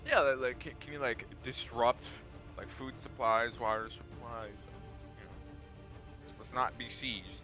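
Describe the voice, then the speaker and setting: A man's voice: medium pitch, steady tone, measured pace, pushed and bright, faint music behind. A young man playing a tabletop game, rambling with many fillers. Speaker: player. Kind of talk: casual tabletop play.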